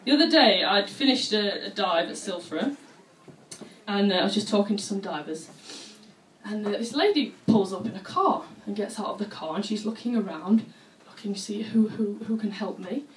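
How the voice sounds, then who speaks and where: A woman performing a stand-up comedy routine, telling stories in a chatty, animated way and acting out other people's voices. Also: medium pitch, normal speed. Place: comedy club stage with audience laughter. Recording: roomy venue audio from a distance with faint noise.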